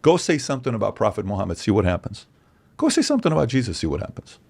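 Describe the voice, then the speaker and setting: A man in his forties, a podcast guest, speaking in an animated, opinionated monologue full of rhetorical questions and acted-out quotes. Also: on the low side, racing, gravelly. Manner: acts out quoted voices, emphatic, rhetorical questions.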